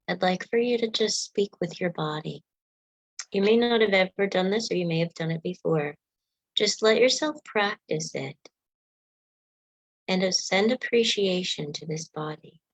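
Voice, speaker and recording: Woman meditation guide, lower voice, dry close sound, soft unhurried coaching. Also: dry recording, low-quality recording. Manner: leads yawning and stretching exercises.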